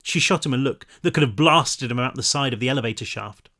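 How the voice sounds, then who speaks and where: A man reading his own novel aloud, relaxed, now and then correcting himself. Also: medium pitch, fast. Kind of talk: audiobook narration.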